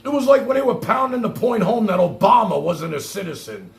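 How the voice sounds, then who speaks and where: A man on a live stream, talking in a high, gravelly voice that swoops up and down as he mocks and swears. The sound is echoey, as if from a bare room. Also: big pitch swings, brisk. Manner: mocking, repeats lines back with sarcasm, swears freely. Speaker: streamer reacting to a clip. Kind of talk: heated live-stream commentary.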